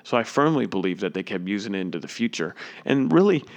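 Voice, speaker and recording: A man's voice: lowish voice, big pitch swings, fast. A man giving an opinionated, emphatic sports commentary, indignant and repeating his points.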